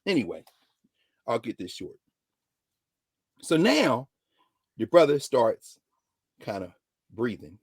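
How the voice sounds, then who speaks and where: A middle-aged man, a professor telling a story dramatically, dropping to a hush and rising to shouts as he quotes people. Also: medium pitch, sing-song, takes it slowly, pauses often, breathy edge, dry recording, clean studio sound. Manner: dramatic retelling, voicing others in quotes, swinging from hushed to shouting. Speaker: professor and regular guest. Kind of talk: animated storytelling lesson.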